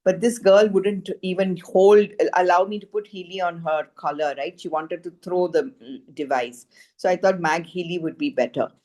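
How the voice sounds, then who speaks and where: A woman telling a personal healing testimonial in an earnest, animated way, with many "you know" fillers. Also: lowish voice, moderate pace. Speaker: frequency healing practitioner.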